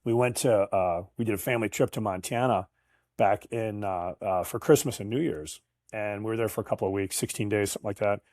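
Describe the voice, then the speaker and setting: A man's voice: lowish voice, brisk, darkish tone, dry recording, clean studio sound. A man in his fifties, a guest in an interview, telling chatty anecdotes with frequent laughs and restarts. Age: 50s. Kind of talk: casual interview storytelling.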